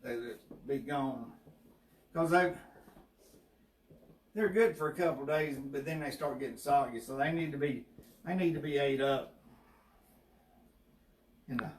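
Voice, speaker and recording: A man's voice: medium pitch, unhurried, long pauses. Southern US man, folksy cooking demo, home kitchen, faint hiss. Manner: folksy, easygoing, explains step by step. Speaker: home cook, co-host. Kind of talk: casual cooking demonstration. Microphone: distant mic. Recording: echoey kitchen with far-off mic and faint hiss.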